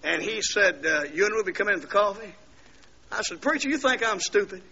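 An older man preaching at a church service, telling his conversion story as a testimony and breaking into loud shouted preaching. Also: high-pitched, animated, fairly quick, muffled recording, a little hiss or hum. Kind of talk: revival sermon testimony.

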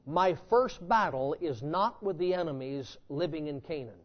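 A man preaching a sermon in a church, with fervent emphasis that swings between loud declarations and low, intense passages. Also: lively intonation, moderate pace. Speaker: pastor. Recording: dull lo-fi sermon recording.

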